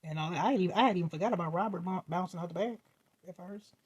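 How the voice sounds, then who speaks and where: Husky, animated dream storyteller. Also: medium pitch, fast talker. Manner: animated, acts out voices and reactions, laughs often; slangy, swears freely. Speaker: vlogger.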